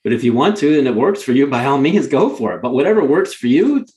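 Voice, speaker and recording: Male interview guest, candid storyteller, emphatic with restarts, mid pitch, echoey room. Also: big pitch swings, fast talker, a little mellow. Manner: earnest, emphatic, frequent restarts. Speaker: guest, mountain guide.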